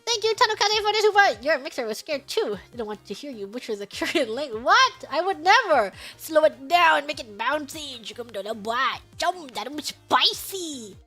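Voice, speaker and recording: Streamer, woman: high, bouncy read of superchats, playful and giggly, faint music under the voice. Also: big pitch swings, moderate pace, hardly any pauses, pushed and bright. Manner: playful, bursts of high laughter, stumbles over foreign words. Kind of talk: casual livestream chat.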